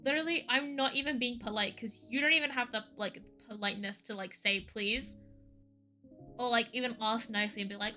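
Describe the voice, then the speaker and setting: A woman streaming from home chats casually, rambling and ranting with constant use of "like". Her voice is a little high, a little fast, and bright with a forceful tone. Faint music sits behind her.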